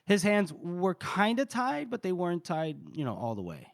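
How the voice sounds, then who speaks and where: A man's voice: high voice, huge pitch swings, moderate pace, creaky, no room sound, clean studio sound. A man co-hosting a book podcast, casually retelling scenes with lots of "you know" and loose paraphrase. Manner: recaps dialogue loosely, many fillers like "you know". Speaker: podcast co-host.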